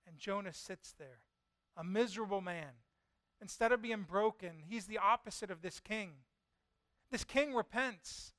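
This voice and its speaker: A male pastor preaching a sermon and retelling a scripture story with lively storytelling. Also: high-pitched, a little slow, dry recording. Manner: lively storytelling, voicing God and Jonah in quotes.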